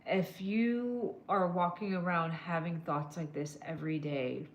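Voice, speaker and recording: On a casual livestream where she does emotional scans, a woman offers blunt wellness advice and calls viewers "girl" and "my love." She speaks on the low side, a little slowly, with fairly even intonation. The sound is lo-fi and echoey, with slight background noise.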